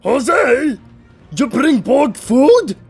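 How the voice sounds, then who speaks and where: A man voicing a huge, simple-minded male ogre who talks slowly in broken grammar, eager and easily scared. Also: very high voice, very animated, vocal fry, breathy edge, faint music behind, pitched above the performer's own voice, heavily acted. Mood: childlike.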